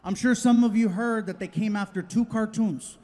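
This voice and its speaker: A man doing stand-up comedy, telling stories in an animated way and laughing often. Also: high-pitched, normal speed. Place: comedy stage before a live audience.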